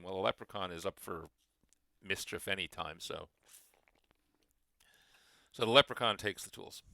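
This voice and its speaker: Bright, gravelly game master explaining. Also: male voice, fairly low pitch, no echo. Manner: rambling, frequent restarts and fillers. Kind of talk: explaining adventure design.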